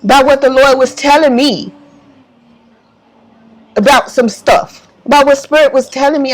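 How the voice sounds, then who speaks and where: A woman's voice: high voice, a little slow, pauses often. A woman giving an impassioned religious monologue to camera, emphatic and repetitive, audibly emotional. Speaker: faith vlogger.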